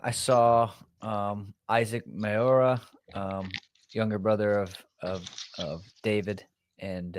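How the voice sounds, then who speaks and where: Low-voiced man hosting a podcast. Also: dry recording. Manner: hesitant, lots of fillers, steering the talk. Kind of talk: casual chat.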